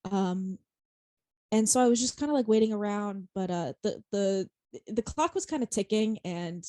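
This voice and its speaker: A woman's voice: mid-range voice, normal speed, warm tone, dry recording. A young woman co-hosting a podcast, telling a story in casual chat, rambling, laughing often and swearing freely. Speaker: podcast co-host.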